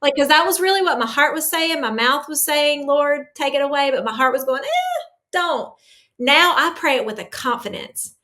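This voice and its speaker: A woman's voice: high voice, fairly quick, few pauses, pushed and bright. A woman yoga teacher speaking earnestly and emotionally about her faith in an interview. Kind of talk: faith-centered interview talk.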